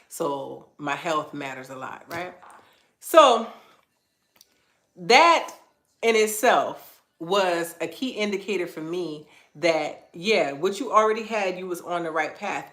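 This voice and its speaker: Woman wellness coach, low-pitched, animated casual storyteller, echoey room; host of a live stream. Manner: animated storytelling, acts out quoted voices in a much higher pitch; casual, conversational phrasing.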